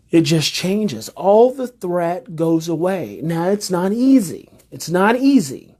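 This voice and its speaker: A man with a husky, slightly breathy voice, speaking live to viewers as a parenting educator. He hammers home his points by repeating phrases and asking rhetorical questions, and he sounds emphatic and engaged. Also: fairly high pitch, darkish tone. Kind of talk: live-streamed talk to viewers.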